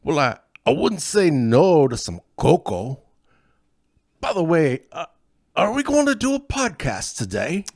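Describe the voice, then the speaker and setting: A man voicing a loud, gruff, quick-tempered Scotch-Irish man in a hammy put-on brogue. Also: fairly high pitch, sing-song, no room sound, studio quality, voice pushed up, exaggerated voice. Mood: gruff, friendly. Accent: put-on Scottish-Irish brogue. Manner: blustery, hammy and quarrelsome.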